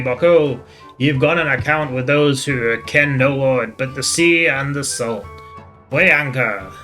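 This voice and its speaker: A boisterous, salty pirate captain booms out his lines in a put-on Scottish brogue, played by a man doing a voice. The tone is bright and forceful, stretched out slowly for theatrical effect. Faint guitar music plays underneath.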